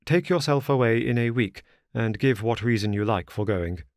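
A man voicing a stern gentleman dismissing his butler, in an audiobook story. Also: medium pitch, moderate pace, no echo, clean studio sound, natural voice. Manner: stern, clipped. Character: stern gentleman master of the house.

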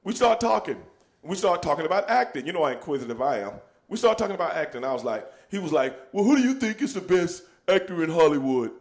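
A man's voice: a little high, big pitch swings, fast talker. A man telling a story in casual chat, laughing and acting out the people he quotes. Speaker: show host telling a story.

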